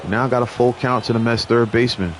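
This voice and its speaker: A young gaming channel host with a mid-range voice gives fast play-by-play commentary over a baseball video game, with noise in the background. He chats with viewers and gets lively on big plays.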